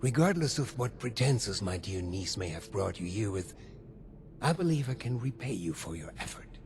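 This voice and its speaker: Hugo Stoltz, a gravelly German ghoul. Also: male voice, on the low side, sing-song, moderate pace, noisy background. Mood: scheming. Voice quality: gravelly, breathy half-whisper. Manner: silky, theatrical, faintly menacing. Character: old male ghoul vault overseer, smooth scheming businessman.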